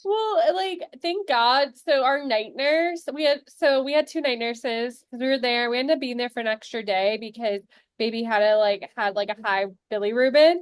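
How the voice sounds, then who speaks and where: A woman's voice: fairly high pitch, normal speed, clear, resonant tone, no room sound. A young woman co-hosting a podcast, chatting casually and laughing as she tells stories. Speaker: podcast co-host, new mother. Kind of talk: casual chat.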